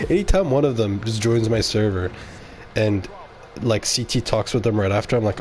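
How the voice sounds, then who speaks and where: A man's voice: on the low side, lively intonation, normal speed, a little mellow, a little hiss or hum. A man streaming live, rambling bluntly and talking straight to his chat. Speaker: game streamer.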